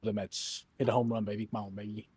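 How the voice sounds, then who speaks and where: A man chatting casually with friends over a game, teasing them with deadpan jokes. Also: on the low side, quick pace, slight background noise. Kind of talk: casual gaming chat with friends.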